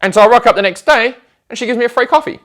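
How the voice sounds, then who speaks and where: A man telling stories in a casual chat, animated and acting out the conversations he describes. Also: extremely high pitch, racing. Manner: animated, acts out conversations in quoted voices.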